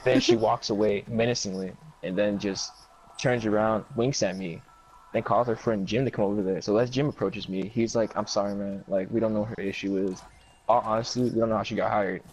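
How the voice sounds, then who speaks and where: A man's voice: on the low side, brisk, slight background noise, poor audio. A man telling a long comic story in casual chat, rambling and profane, acting out what others said.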